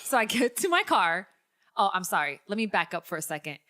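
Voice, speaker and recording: A young woman hosting a casual podcast, telling a long story and swinging up into high, excited tones. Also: fairly quick. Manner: animated storyteller, jumps to high excited pitch. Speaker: podcast host.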